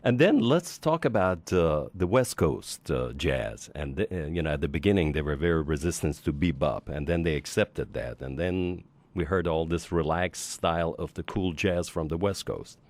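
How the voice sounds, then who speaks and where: A man's voice: deep voice, animated, moderate pace, hardly any pauses, darkish tone. A man hosting a jazz radio show, asking hesitant questions and giving brief agreeing replies. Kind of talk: radio interview. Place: radio studio.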